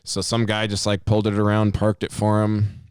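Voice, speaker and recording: Man, very low voice, smooth and dry, animated profane storyteller for a casual podcast. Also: normal speed, no echo. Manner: animated storyteller, heavy swearing, acts out quotes. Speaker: podcast co-host.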